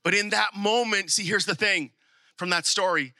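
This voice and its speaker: Male pastor for a sermon: high, very bright, dry close sound, swings between fervent and hushed. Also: normal speed, dry recording. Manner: rising to animated emphasis, dropping to soft intimate appeals; repeats rallying asides like "come on now".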